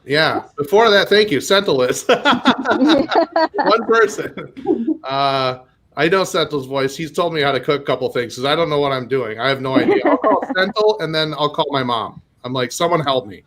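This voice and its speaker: A man's voice: a little high, big pitch swings, moderate pace, a bit bright. Rambling, self-mocking man doing stand-up. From Minnesota. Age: 40s. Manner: rambling, self-deprecating, with nervous laughs and many fillers. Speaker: stand-up comedian. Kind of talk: stand-up comedy set.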